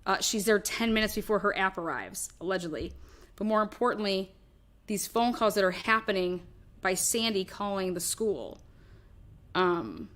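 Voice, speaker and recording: A woman's voice: mid-range voice, expressive, moderate pace, a bit bright. A woman hosting a true crime show, talking through her theory in a rambling, casual way, swearing often and acting out what others might have said.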